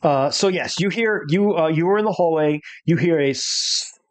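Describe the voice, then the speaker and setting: A game master narrating a tabletop horror game, with many pauses and fillers. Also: mid-range voice. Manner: hesitant, filler-heavy narration.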